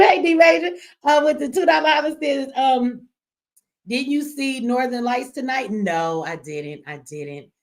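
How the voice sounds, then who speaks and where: Chatty, slangy woman live streaming. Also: fairly high pitch. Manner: chatty, slangy, cusses and laughs often; reads viewer comments aloud. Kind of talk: casual live stream chat. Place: at home.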